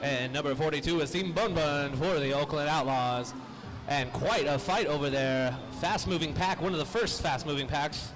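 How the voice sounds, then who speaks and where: Brief: male derby announcer, slightly high voice, quick jokes, live commentary. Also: music in the background, rough recording. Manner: jokey, upbeat banter. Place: roller derby venue.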